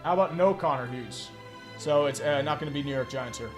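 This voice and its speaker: A man's voice: a little high, fairly quick, music in the background. A man streaming casual football chat, rambling with melodramatic fan despair. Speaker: sports streamer.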